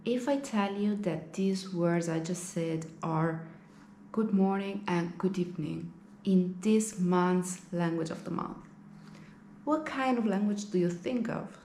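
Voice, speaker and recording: Slow-speaking woman explaining languages. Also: lowish voice, warm tone, slight background noise. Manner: friendly, explanatory, rhetorical questions. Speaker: language video host. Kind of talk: educational talk to camera. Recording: echoey room with faint ambience.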